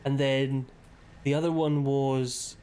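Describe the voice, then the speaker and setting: A man's voice: medium pitch, little pitch movement, takes it slowly, a little mellow, slight background noise. A man streaming a game live and chatting casually, with rambling, sweary asides.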